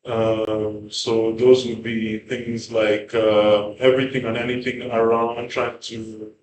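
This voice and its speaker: A man's voice: on the low side, little pitch movement, slow, a little hiss or hum. A man in a panel discussion, thinking aloud with many fillers and restarts. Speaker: panel guest. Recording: roomy with faint background ambience.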